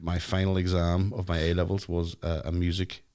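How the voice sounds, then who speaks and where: A man's voice: sits low, completely flat delivery, fairly quick, a little mellow, a little hiss or hum. A young man co-hosting a podcast, joking, swearing and reading out listener questions. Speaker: podcast co-host. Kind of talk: casual chat.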